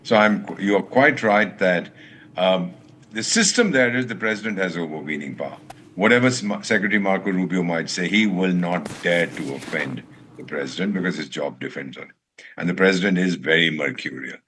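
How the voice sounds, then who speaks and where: An older former diplomat speaks on a televised debate in a low voice with a bright, forceful edge. His delivery is measured and articulate, formal in phrasing. A faint noise sits under the voice. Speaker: former ambassador, debate guest. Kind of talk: live TV news debate.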